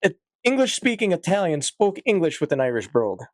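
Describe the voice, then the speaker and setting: A man's voice: fairly high pitch, big pitch swings, a little fast, no echo, clean studio sound. A man with a Northeastern Pennsylvania accent, a barber guest telling wry stories in a casual podcast chat. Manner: wry storyteller, playful.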